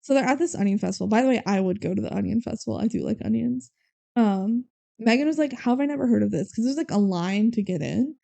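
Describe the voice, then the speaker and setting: A woman co-host with a mellow mid-range voice, lively intonation and some vocal fry recaps a movie on a podcast. She retells scenes casually, tossing in quick quoted character voices and laughs.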